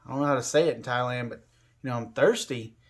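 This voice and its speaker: A man recounting a personal experience in a loose, rambling way, with plenty of "you know" and "like." His voice sits at a middling pitch for a man. The delivery is everyday and unpolished. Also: fast talker. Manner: rambling, filler-heavy, conversational. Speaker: storyteller. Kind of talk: casual spoken storytelling.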